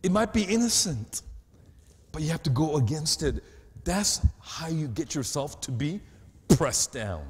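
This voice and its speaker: Brief: male preacher, slow deliberate delivery, big pitch swings, asks the room questions. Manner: animated preaching, swinging from loud to hushed; asks the audience rhetorical questions. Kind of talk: sermon. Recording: long hall reverb.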